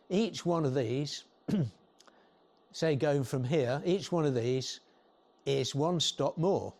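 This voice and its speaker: An older man giving an informal, rambling talk to a photography club, often clearing his throat and restarting sentences. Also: medium pitch, takes it slowly, a little mellow. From England.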